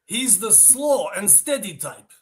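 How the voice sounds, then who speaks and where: Shy young guy with a put-on Russian accent, slow and halting, pitched up a little, read by a man. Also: sing-song, full character voice. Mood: hinting.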